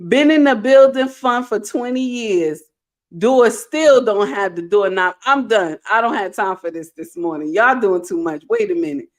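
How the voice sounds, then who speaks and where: A middle-aged woman hosting a live stream, reading viewer comments aloud with animated, playful scolding. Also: medium pitch, moderate pace. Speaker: host.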